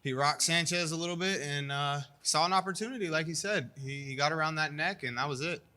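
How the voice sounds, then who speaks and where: Brief: young male fighter, brash and self-assured, crisp bright tone, casual post-fight interview. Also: on the high side, brisk. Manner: confident, cocky trash talk with frequent "you know".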